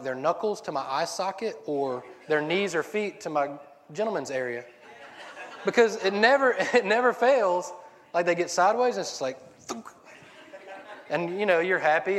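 Male preacher, casual sermon; rambling and joking, slightly high voice, long reverb of a big hall. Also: moderate pace. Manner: rambling, self-interrupting, joking.

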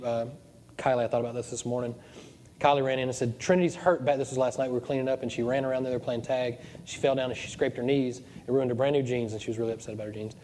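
A man's voice: medium pitch, warm tone, slight background noise. A man preaching a sermon as pastor of his church, joking and digressive as he goes. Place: church hall. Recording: long church reverb.

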